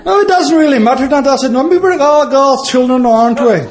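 A man's voice: very high voice, lively intonation, fast, background noise, pitched above the performer's own voice. A man voicing a poor, religious, drunk Irishman who speaks in a cheery sing-song way.

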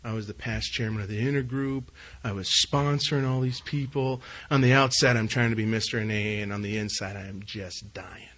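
A middle-aged man tells his recovery story to a meeting, his voice bright and forceful. He speaks in an earnest, confessional way, dropping to a hush and then rising loud again. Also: medium pitch, steady tone, a little fast, few pauses, low-quality recording. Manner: earnest, confessional, swings between hushed and loud. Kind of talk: personal testimony at a recovery meeting.

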